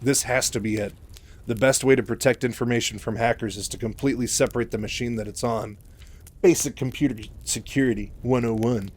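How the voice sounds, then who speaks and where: A man's voice: medium pitch, steady tone, a little fast, darkish tone, lightly acted. A man voicing a nervous, fumbling adult male civilian who stammers when flustered, while retelling a story. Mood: earnest.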